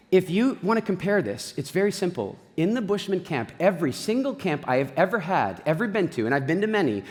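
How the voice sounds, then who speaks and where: A man giving an animated, jokey talk on stage, telling stories with voiced asides. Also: high voice. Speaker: speaker. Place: large event hall. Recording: reverberant hall.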